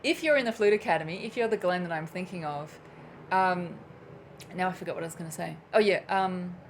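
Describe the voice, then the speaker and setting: Chatty woman flute teacher, slightly low voice. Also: a little fast, slight background noise. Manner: chatty, laughs at herself, loses her train of thought. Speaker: flute teacher hosting a live Q&A. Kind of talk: live-streamed lesson, casual and chatty. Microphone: camera mic on a live stream.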